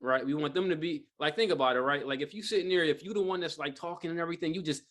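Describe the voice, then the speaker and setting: A man's voice: on the high side, rapid-fire, a bit bright. A man giving a live sales training talk to a group, speaking in a casual, rambling way with lots of fillers and rhetorical "right?" checks. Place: training room with a live audience.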